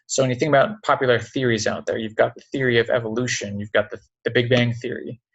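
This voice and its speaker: A man teaching a science lesson online. He explains step by step, often pauses with "um" and checks in with "okay?". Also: medium pitch, steady tone, vocal fry, husky, highs cut off. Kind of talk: recorded online lecture. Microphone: computer mic on a video call.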